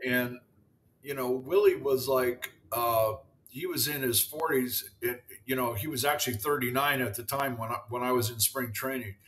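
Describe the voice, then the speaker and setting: A man's voice: mid-range voice, normal speed, fairly bright tone. A man in his seventies, a former ballplayer, telling rambling anecdotes in an interview with lots of "you know". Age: 70s. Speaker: former baseball pitcher, guest. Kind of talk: storytelling interview.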